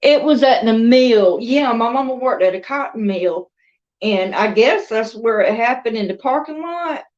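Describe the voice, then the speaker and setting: Animated and fairly high-pitched, a Southern woman who vlogs about crochet and dolls tells a chatty, wandering story, laughing between thoughts. She has a Southern US accent, a darkish tone, and a normal speed. The audio is dull.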